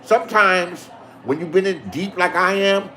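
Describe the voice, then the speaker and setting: A man's voice: high voice, moderate pace, sharp tone. A man delivering a profane, confrontational monologue, talking straight at absent rivals and trading in online drama. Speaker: YouTube drama streamer. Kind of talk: heated ranting monologue.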